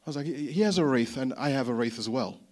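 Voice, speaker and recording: A man preaching a sermon, telling a story in an animated, chatty way that often repeats words. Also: mid-range voice, fast talker. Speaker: pastor.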